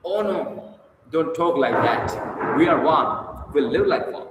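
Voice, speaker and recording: A distraught young woman pleading with raised, anguished pitch, as a male reader puts her on. The voice rings in a roomy space with a long tail of reverb and faint background noise. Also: animated, measured pace. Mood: indignant. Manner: anguished, imploring, rising pitch. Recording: roomy live room with reverb.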